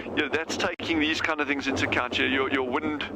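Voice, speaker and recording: A man with a South African accent giving chatty, excitable live commentary as a safari field guide outdoors, often restarting his sentences. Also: a little high, fairly quick. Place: outdoors on a windy game drive. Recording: loud wind noise on outdoor mic.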